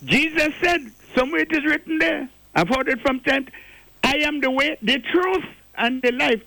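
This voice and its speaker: A man's voice: extremely high pitch, moderate pace, pushed and bright, dry recording, poor audio. An older man from Grenada, calling in to a radio show with impassioned, preachy commentary and repeating key words for emphasis.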